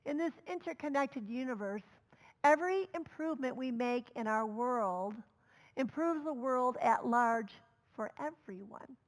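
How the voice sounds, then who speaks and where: A woman minister delivers a storytelling sermon in a somewhat high voice. She talks conversationally, with fillers and asides. Her level swings from loud calls down to soft near-whispers. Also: animated, measured pace, rough recording.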